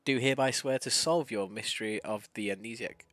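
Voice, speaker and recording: A man's voice: fairly low pitch, brisk, fairly bright tone, no echo, natural voice. A man reading as a pompous, eccentric older inspector in a grandiloquent, theatrical way.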